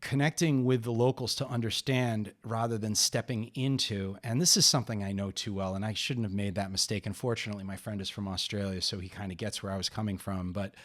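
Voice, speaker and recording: A middle-aged man hosting a podcast, narrating a personal story in an unhurried, rambling way with many pauses and restarts. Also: fairly low pitch, fairly even intonation, fairly bright tone. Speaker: podcast host.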